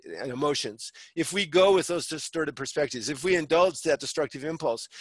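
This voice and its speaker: A man's voice: fairly high pitch, fairly bright tone, no room sound. Man explaining, often asking "okay?". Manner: checks in with frequent "okay?"; acts out short example dialogues. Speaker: teacher of psychology. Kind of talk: explanatory talk.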